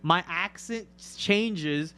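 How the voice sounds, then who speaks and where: A man's voice: sits high, extremely slow, sharp tone, smooth. A man with a Canadian accent co-hosting a trading livestream, chatting casually and joking, with plenty of fillers. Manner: joking, rambling, lots of fillers.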